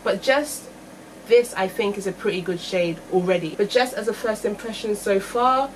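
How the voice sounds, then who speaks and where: A woman's voice: mid-range voice, normal speed, slight background noise, low-quality recording. Chatty young woman reviewing makeup. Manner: chatty, thinking aloud, self-correcting. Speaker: beauty vlogger.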